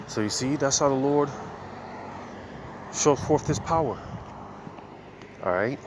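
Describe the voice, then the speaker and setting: Man preaching on a walk, lowish voice, slightly winded, casual and chatty, faint traffic behind. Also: animated, a little slow, long pauses. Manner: casual, conversational, many fillers. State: slightly out of breath while walking. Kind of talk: informal outdoor preaching. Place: outdoors, walking by traffic.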